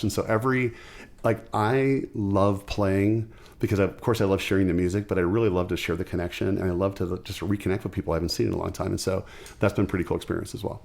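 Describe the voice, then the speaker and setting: Fast-talking, gravelly low-voiced man telling stories. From Ohio, USA. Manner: animated storyteller, quick and chatty, acts out quotes. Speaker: podcast guest, musician. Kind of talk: casual storytelling chat.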